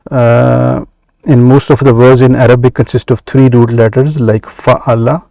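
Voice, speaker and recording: Slow-paced man teaching Arabic grammar. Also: mid-range voice, level tone, gravelly, mellow, no echo. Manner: measured, many "uh" pauses, slow deliberate explanation. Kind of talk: explaining grammar from a workbook.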